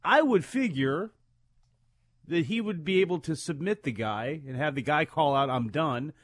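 A man's voice: on the high side, animated, moderate pace, dry recording, studio quality. A man co-hosting a casual wrestling talk show, rambling with many "you know"s and restarts. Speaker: podcast co-host.

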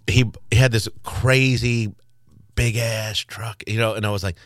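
A man's voice: on the low side, fairly even intonation, measured pace, no room sound, studio quality. A man talking as a guest in a casual conversation, rambling and full of filler words. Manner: rambling, heavy use of fillers.

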